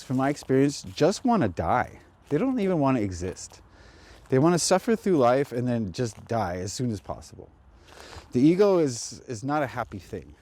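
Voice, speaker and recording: A man hosting a spiritual channel, talking casually outdoors in a cemetery, chatty and quick to laugh at his own jokes. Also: mid-range voice, mellow. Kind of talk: casual spiritual talk to camera.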